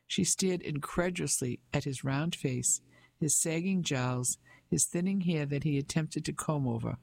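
A man narrating an audiobook in a measured, even storytelling manner. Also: on the high side, gravelly, no echo.

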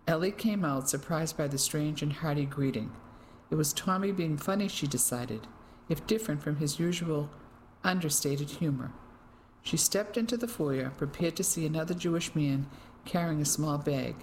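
Low-voiced woman narrating an audiobook. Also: expressive, normal speed, a little hiss or hum, rough recording. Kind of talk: scripted narration.

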